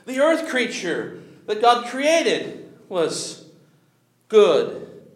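A male preacher delivering a sermon with a high, lively voice that swoops up and down. He talks slowly, leaning on pauses and breaking into chuckles, and the sound rings in an echoey room. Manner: animated, with chuckles and drawn-out emphatic pauses.

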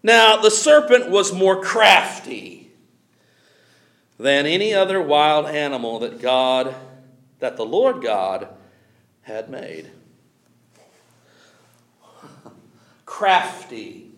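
A male preacher giving a sermon in an animated way, chuckling often and pausing with emphasis. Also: a little high, reverberant.

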